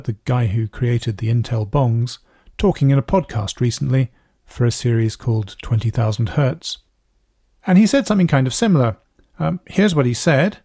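A man's voice: mid-range voice, darkish tone, dry recording, clean studio sound. Thoughtful man hosting a podcast. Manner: thoughtful, explanatory, measured. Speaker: podcast host. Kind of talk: scripted podcast narration.

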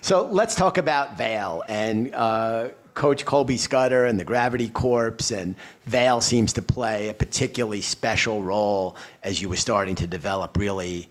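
A man's voice: on the low side, normal speed, few pauses. A man with a Brooklyn and Queens New York accent interviewing a guest, enthusiastic and asking long, winding questions. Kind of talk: conversational interview.

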